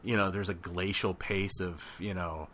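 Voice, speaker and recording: Bright-voiced man in rambling chat. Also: deep voice, normal speed. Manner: rambling, filler-heavy, animated. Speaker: podcast co-host. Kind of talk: casual chat.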